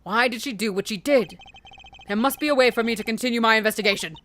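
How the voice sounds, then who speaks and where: A woman's voice: on the high side, fast talker, fairly bright tone, lightly acted. A woman reading as a composed male prosecutor. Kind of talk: reading game dialogue aloud on a stream.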